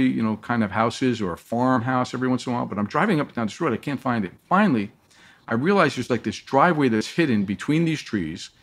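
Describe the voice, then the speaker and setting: A man telling a long personal story as a guest in an interview, lively and acting out the voices of the people he quotes. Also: mid-range voice.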